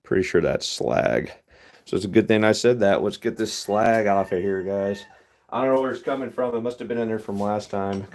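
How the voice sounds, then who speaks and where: A man's voice: fairly low pitch, normal speed, a little mellow. A man giving casual live commentary to his viewers from a hot workshop, chatting straight to them as he works. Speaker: livestreamer casting metal. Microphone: phone livestream.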